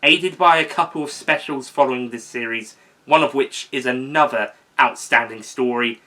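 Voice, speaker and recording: A young man talking casually in an unscripted video, rambling, correcting himself and filling pauses with um. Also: mid-range voice, pushed and bright. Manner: rambling, with fillers and self-corrections. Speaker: video host ranking seasons.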